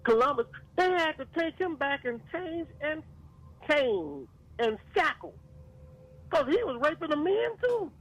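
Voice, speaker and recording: A man's voice: very high voice, animated, moderate pace, hardly any pauses, a bit bright, poor audio. A man from Louisiana, speaking as a radio show caller in fervent, preacherly commentary and drawing out words for emphasis. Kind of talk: impassioned talk radio commentary.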